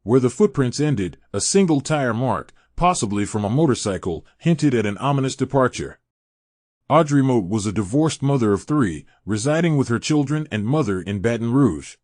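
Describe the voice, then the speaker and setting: A man giving a scripted, dramatic true crime narration in a measured storytelling delivery. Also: medium pitch, lively intonation, darkish tone, dry recording, studio quality.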